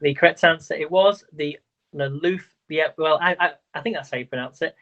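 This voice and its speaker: Over a dull, lo-fi livestream feed, a quiz host talks fairly quickly in a high, pushed, bright male voice. He's talkative, fumbles his words now and then, and counts aloud.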